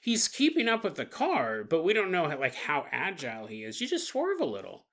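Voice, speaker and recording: A man's voice: on the high side, huge pitch swings, normal speed, a bit bright. A man hosting a paranormal podcast, riffing comically and laughing often as he acts out little scenes. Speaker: podcast host. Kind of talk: comedic riffing monologue.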